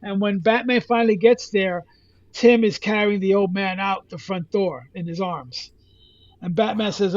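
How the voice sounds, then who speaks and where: A man co-hosting a podcast, retelling a comic story in a casual, halting way with many restarts. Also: high voice, no echo, dull audio. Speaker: podcast co-host.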